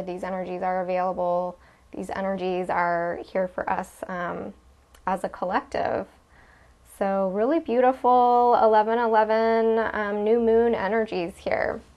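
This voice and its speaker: A woman giving a spiritual card reading, talking gently with frequent ums and soft laughs. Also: mid-range voice. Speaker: tarot reader.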